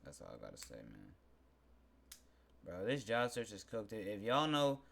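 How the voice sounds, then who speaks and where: A young man in a casual vlog, ranting in an animated, slangy, exasperated way. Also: fairly low pitch, a little slow, vocal fry. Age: young adult. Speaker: vlogger. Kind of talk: casual venting monologue.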